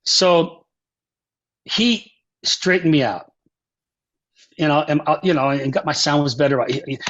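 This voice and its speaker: Older guy guest on a podcast, kinda high voice, animated storyteller, dull lo-fi sound. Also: a little slow. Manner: animated storyteller, acts out quotes and sings phrases. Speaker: composer and saxophonist guest. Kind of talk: conversational interview storytelling.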